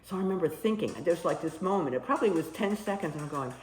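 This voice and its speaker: A woman with a lowish voice speaks fast in a casual interview, recalling her nursing work abroad. She's animated and acts out the voices of the people she quotes. The recording is roomy with faint ambience and a little hiss or hum.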